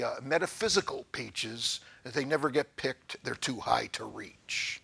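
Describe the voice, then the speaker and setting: A man hosting a comedy show, talking deadpan and halting, full of pauses and fillers. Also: mid-range voice, vocal fry, husky. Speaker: host.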